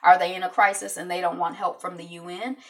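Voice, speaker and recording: A woman's voice: fairly low pitch, level tone, fast, fairly bright tone, recorded from a distance. A woman talking through news stories alone, casual and rambling, with lots of fillers and asides. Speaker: host commenting on news. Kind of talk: casual news commentary monologue.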